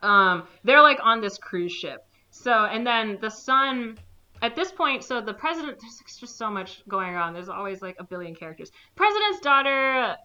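Woman podcaster, bright tone, animated recap voice, lo-fi sound. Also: on the high side. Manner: animated storytelling, acting out characters with quick quoted lines. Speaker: podcast co-host recapping a movie. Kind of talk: casual chat. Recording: slightly dull lo-fi recording.

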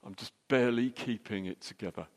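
Brief: middle-aged male preacher, anecdotal and jokey, mid-pitched, long hall reverb. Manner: anecdotal and jokey, quick restarts. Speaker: church speaker. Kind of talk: storytelling sermon.

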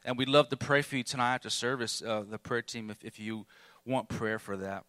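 A man's voice: medium pitch, a little fast, a bit bright, dry recording. A man preaching a sermon, telling his own struggles candidly with bursts of emphasis. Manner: candid, self-deprecating storytelling with bursts of emphasis.

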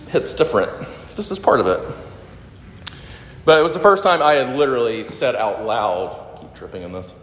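Low-voiced man preaching in an echoey hall. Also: a little hiss or hum. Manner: earnest and personal, slowing down to stress words. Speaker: pastor. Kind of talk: sermon. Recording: echoey hall with long reverb.

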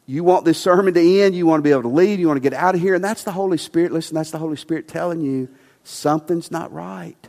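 A male pastor preaching a sermon, emphatic and passionate at times, then quiet and soft. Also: fairly high pitch, quick pace, gravelly, in a large hall. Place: church sanctuary.

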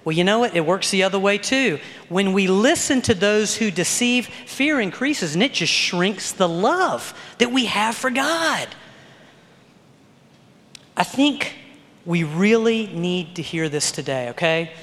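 A man's voice: sits high, animated, measured pace, a bit bright, in a large hall. A middle-aged man preaching a sermon as a pastor, in a conversational style that keeps checking in with "okay?" and "all right?". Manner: conversational preaching with frequent "okay?" tag questions.

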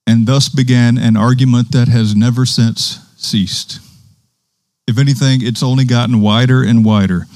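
A man's voice: mid-range voice, steady tone, normal speed, darkish tone, dry recording. A man preaching a sermon in a conversational way, quoting scripture with emphasis.

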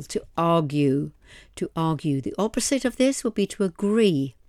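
Woman, middle-aged, low-pitched teacher voice, patient word-by-word podcast lesson, dry close mic. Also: dry recording. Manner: steady, explanatory, repeats words slowly, spells letters. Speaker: podcast host, English teacher. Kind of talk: vocabulary lesson, spelling out words.

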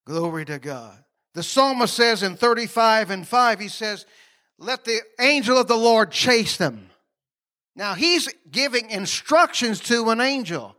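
A man's voice: sits high, lively intonation, a little slow, sharp tone. A man preaching a sermon in a folksy, conversational way, with laughing asides and questions put to the congregation.

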